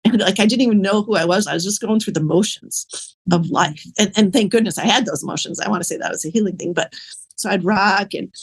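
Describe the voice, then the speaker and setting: A woman, a podcast guest, telling her personal story in a candid, rambling way, full of fillers and soft laughs. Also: mid-range voice, brisk, husky.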